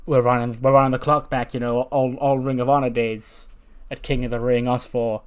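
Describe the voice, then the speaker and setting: A man's voice: medium pitch, little pitch movement, normal speed, clear, resonant tone, natural voice. Brief: man doing a cocky wrestler, rambling boasts. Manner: filler-heavy boasting.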